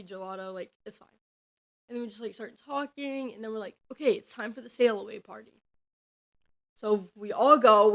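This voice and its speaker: Casually storytelling on her podcast, this young host rambles chattily and says "like" constantly. Her voice is medium-pitched and a bit bright.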